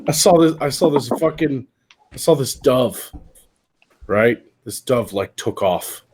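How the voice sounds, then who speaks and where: A man hosting a live stream, chatting casually and telling animated, profanity-filled stories. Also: mid-range voice, a little slow, slightly rough. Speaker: stream host. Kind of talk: casual chat.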